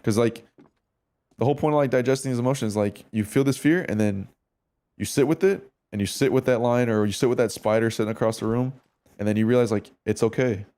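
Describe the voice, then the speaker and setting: In a warm, mid-range voice and at a brisk clip, a man streams a game and reviews a match replay. He chats casually with viewers, thinking out loud in slang and swearing freely.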